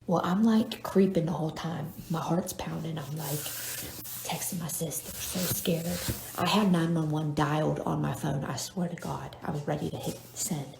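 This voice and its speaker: A woman's voice: low-pitched, fairly even intonation, moderate pace, creaky, a little mellow, a little hiss or hum. A woman telling a self-deprecating story to camera as a lifestyle vlogger. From North Carolina, US. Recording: echoey room.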